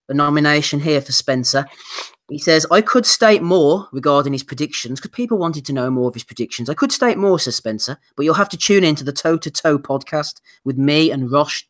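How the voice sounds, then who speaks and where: A man hosting a casual boxing podcast, reading out listener nominations with dry asides. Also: on the high side. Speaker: podcast host.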